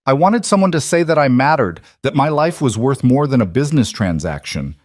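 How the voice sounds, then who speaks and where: A man's voice: mid-range voice, lively intonation, normal speed, a little mellow, dry recording, clean studio sound, lightly acted. A man voicing a young bride, bitter and pleading, her voice rising as she confronts her mother. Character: young bride, raw, angry and trapped woman.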